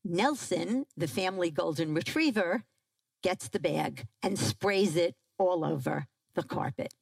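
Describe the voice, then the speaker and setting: Woman parenting speaker, lively pitch, unhurried delivery, engages audience with questions. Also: gravelly, slightly rough, dry recording, low-quality recording. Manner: animated, asks the audience questions. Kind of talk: talk to a live audience.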